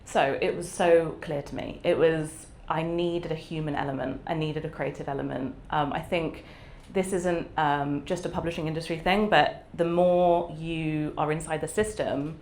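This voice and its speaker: Woman author, low voice, candid and reflective, faint background hum. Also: fairly even intonation, normal speed, hardly any pauses. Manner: warm, reflective, laughs often, lots of fillers. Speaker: author guest. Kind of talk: candid conversational interview.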